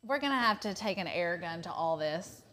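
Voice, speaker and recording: A woman's voice: lowish voice, expressive, moderate pace, a bit bright. A woman with a Southern US accent, co-hosting a crafting live stream in casual, self-deprecating chat. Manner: self-deprecating, laughs often. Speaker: craft demo co-host.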